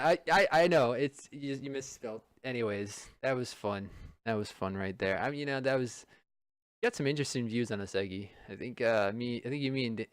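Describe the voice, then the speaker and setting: A male streamer hosting a casual chat with friends, joking and restarting his sentences. His mid-pitched voice sounds dry and close. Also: a bit bright, clear, resonant tone, no room sound. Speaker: streamer host.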